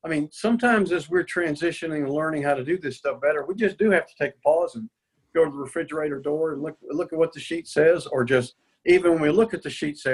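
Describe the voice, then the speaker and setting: A man's voice: fairly high pitch, animated, a little fast, breathy edge, rough recording. A man speaking as a guest on a faith-based parenting show, earnest and quoting scripture.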